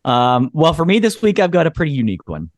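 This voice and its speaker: A man's voice: fairly high pitch, sing-song, fast, dry recording. Punny laughing man on a podcast. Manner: playful, punny, laughs often. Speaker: podcast co-host. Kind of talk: casual chat.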